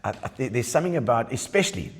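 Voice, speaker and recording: A South African man with an Eastern Cape accent chatting as a podcast guest, an animated storyteller who laughs often and restarts his sentences. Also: medium pitch, rapid-fire, husky, in a large hall. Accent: South African English, Eastern Cape. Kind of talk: casual chat. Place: bowling club.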